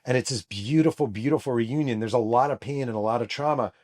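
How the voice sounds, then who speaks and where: A man's voice: medium pitch, fast, a little mellow. A middle-aged man hosting his own show, telling a story in an emphatic monologue that acts out the people he quotes. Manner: emphatic, re-enacts quoted voices. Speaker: host, author and journalist.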